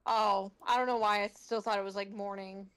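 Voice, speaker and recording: A woman's voice: medium pitch, fairly even intonation, brisk, a bit bright, clear, resonant tone, low-quality recording. A woman playing in a tabletop game, chatting casually and joking. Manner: playful, laughs easily. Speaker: player. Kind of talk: casual chat.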